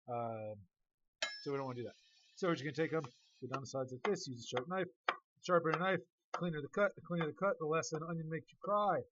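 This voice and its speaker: A man's voice: medium pitch, a bit bright, dull audio, slight background noise. A man chef chatting casually and joking with filler words while demonstrating a recipe.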